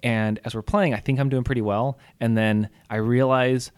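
A man's voice: medium pitch, moderate pace, clean tone. A man chatting casually and telling stories from his childhood, laughing often as he talks. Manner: storytelling, laughs often, lively. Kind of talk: casual chat.

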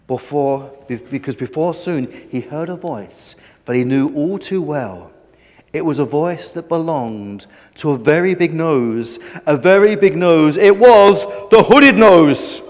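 A man reading a children's story aloud with animated, playful emphasis. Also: on the high side, unhurried, in a large hall.

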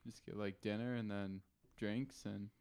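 A man's voice: lowish voice, steady tone, unhurried, vocal fry, darkish tone, clean tone. A man chatting on a podcast, laid-back with short easy replies. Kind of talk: casual chat.

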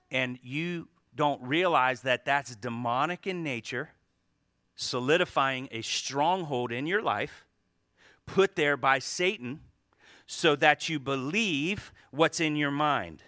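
Bright-voiced preaching man. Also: fairly high pitch, measured pace, no room sound, clean studio sound. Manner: emphatic preaching, swinging from hushed asides to loud fervent climaxes. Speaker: pastor. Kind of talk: sermon.

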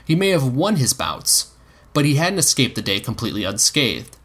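A man's voice: medium pitch, wildly swooping pitch, moderate pace, a bit bright. A man narrating a story aloud, reading expressively and giving the characters voices. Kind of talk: reading fan fiction aloud.

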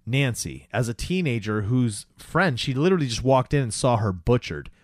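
A man's voice: mid-range voice, moderate pace, no echo, studio quality. Casual man retelling a movie. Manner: animated retelling, acts out quotes, says "right?" and "dude". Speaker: podcast co-host. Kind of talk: casual film discussion.

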